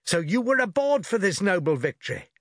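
A man's voice: sits high, very animated, a little fast, fairly bright tone, no echo, studio quality, pitched above the performer's own voice. A man voicing a hearty, blustering older naval admiral who talks in exclamations. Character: bluff hearty older male port admiral.

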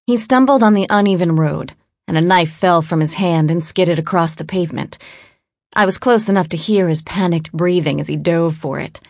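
A woman narrates an audiobook in a low voice. Her delivery is measured and cool. The recording is dry and close. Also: darkish tone, no room sound.

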